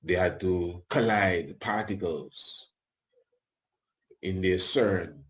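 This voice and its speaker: A man's voice: sits low, very slow. A man hosting a radio show, talking in a rambling, colloquial way with tag questions and chuckling asides. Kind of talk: casual radio talk.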